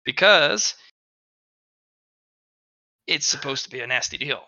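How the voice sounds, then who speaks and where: A man narrating as game master of a tabletop game, animated and restarting often as he explains the rules. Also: medium pitch, slow, no echo. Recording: dull lo-fi dry recording.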